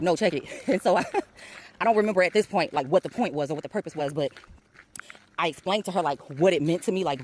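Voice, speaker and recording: A woman talking casually about intuition and spirit, with a lively, laughing storytelling manner. She uses slangy asides and mimics the people in her stories. A faint hiss of noise sits under her voice. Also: fairly low pitch. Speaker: spiritual coach.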